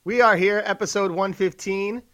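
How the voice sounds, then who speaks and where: A young man with a New York accent co-hosts a casual podcast with energetic, hyped-up delivery. His voice sits a little high, and the recording is dry and close with no room sound. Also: moderate pace, no room sound. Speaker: podcast co-host.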